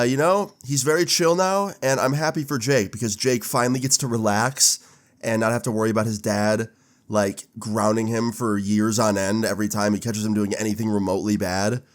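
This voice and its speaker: A young man in his twenties telling a casual storytime, animated and swearing with laid-back slang. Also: on the low side. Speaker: storytime vlogger.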